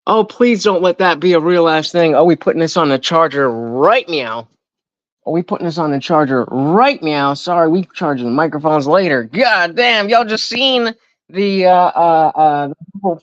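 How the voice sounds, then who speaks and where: A man's voice: on the high side, no room sound, dull audio. A young man chatting casually on a live stream at home, rambling and interrupting himself with jokes. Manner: rambling, self-interrupting, jokey. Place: at home indoors. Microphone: desk microphone.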